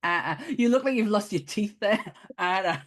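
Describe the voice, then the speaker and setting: Woman, podcast host, casual chat, giggly, lively pitch. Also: normal speed. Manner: giggly, chatty, laughs often.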